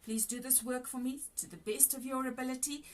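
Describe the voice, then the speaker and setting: A woman's voice: high voice, steady tone, brisk. A woman teacher giving a recorded lesson to young pupils, explaining grammar rules patiently and repeating them. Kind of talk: recorded grade 4 language lesson.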